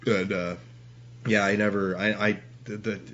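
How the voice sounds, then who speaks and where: Rough-talking man, bright lo-fi sound. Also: on the low side, flat delivery, moderate pace. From Canada. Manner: rambling, heavy swearing, frequent laughs. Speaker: interview guest. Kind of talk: casual storytelling. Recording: dull lo-fi with faint hiss.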